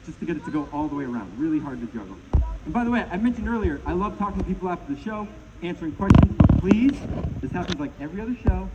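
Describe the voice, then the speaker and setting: A middle-aged man from Maine doing a live comedy juggling show outdoors, bantering and joking with the crowd. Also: high-pitched. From Maine, USA. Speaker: juggling performer. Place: outdoors at a pond. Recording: muffled outdoor recording with loud background noise.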